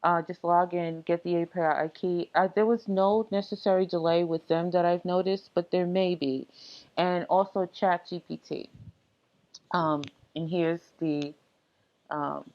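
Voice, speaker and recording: This is a woman with a somewhat low voice, explaining software setup in a laid-back, unscripted way. She pauses often on fillers while she clicks through screens. The recording sounds dull and lo-fi. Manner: relaxed, many ums and uhs, talks through steps. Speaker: tech tutorial presenter. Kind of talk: casual screen-recorded tutorial narration.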